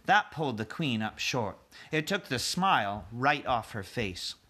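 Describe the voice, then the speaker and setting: A man, a teacher, reading a chapter book aloud to his class and pausing to explain hard words for children. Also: mid-range voice, sing-song, sharp tone.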